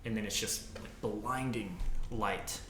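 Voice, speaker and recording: Low-voiced man narrating a tabletop game. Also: unhurried, sharp tone, reverberant, slight background noise. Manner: descriptive, loose, many fillers and "like"s. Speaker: game master.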